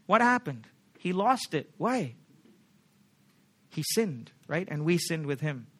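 A man's voice: fairly high pitch, sing-song, slow pace, a bit bright. A man preaching a sermon as pastor, emphatic, often asking the congregation questions like "right?".

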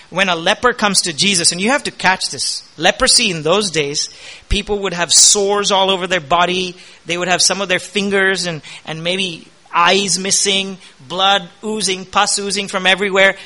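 A man's voice: high voice, pushed and bright. A man preaching a sermon as pastor, passionate and rising to emphatic peaks.

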